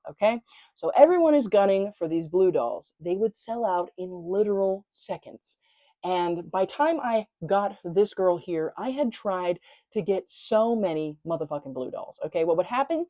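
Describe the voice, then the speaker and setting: Southern woman rambling excitedly about her dolls, low-ish voice, dead dry room. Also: no echo. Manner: chatty, animated, with swearing and playful slang. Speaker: doll collector vlogger. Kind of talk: casual chat showing a collection.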